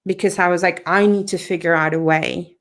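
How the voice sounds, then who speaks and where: A woman guest on a podcast, telling a personal story in a lively, conversational way and acting out what others said. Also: on the low side, brisk. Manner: animated, acts out quoted dialogue, laughs often.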